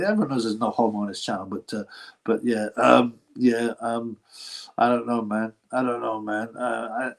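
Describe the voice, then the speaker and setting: A man's voice: mid-range voice, vocal fry. A man hosting a casual boxing livestream, rambling, slangy and mocking, often laughing as he talks. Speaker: boxing channel host.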